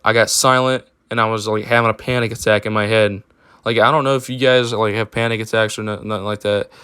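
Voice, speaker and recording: A man's voice: lowish voice, sharp tone, clean tone, no room sound, clean studio sound. A young man telling a personal story in a casual, rambling way, with lots of fillers and swearing. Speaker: storytime vlogger.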